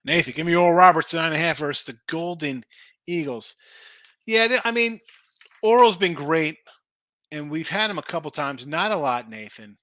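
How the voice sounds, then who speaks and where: Animated man talking betting picks. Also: a little high, normal speed, no echo. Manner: animated, rambling, thinks aloud over betting lines. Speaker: sports betting show host. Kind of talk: casual live-stream chat reading viewer picks.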